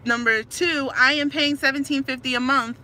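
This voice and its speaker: Frustrated tenant woman, thirties, emphatic phone rant, bright voice. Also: sits high, steady tone, moderate pace, slight background noise. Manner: frustrated, emphatic, repeats herself. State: stressed. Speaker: tenant filming a complaint. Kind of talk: ranting to camera.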